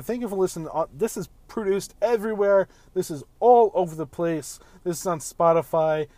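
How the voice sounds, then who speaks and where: A man's voice: fairly high pitch, darkish tone, dry recording, poor audio. A man in his thirties hosting a casual solo podcast while driving home, rambling in a laid-back way and swearing freely. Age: 30s. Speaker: podcast host.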